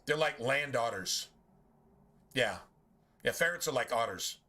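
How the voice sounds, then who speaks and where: A man's voice: mid-range voice, lively intonation, a little slow, bright, forceful tone. A man giving blunt, profane, rambling commentary while streaming a video game. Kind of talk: casual gameplay commentary.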